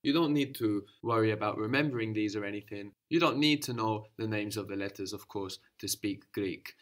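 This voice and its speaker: A man's voice: lowish voice, a little fast. Patient male language teacher. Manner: patient, explains step by step and prompts the student. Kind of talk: guided language lesson.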